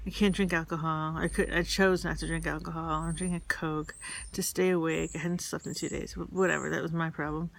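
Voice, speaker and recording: A woman from New York tells candid personal stories in a casual, rambling way. Her voice is gravelly and her pitch stays flat and even. She halts often, with fillers and restarts. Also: fairly quick. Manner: candid, confessional.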